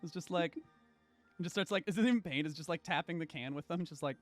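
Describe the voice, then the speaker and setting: A man playing a tabletop role-playing game, narrating his character's actions in animated chat and laughing often. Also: fairly high pitch, a little fast, dry recording, soft background music. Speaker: player.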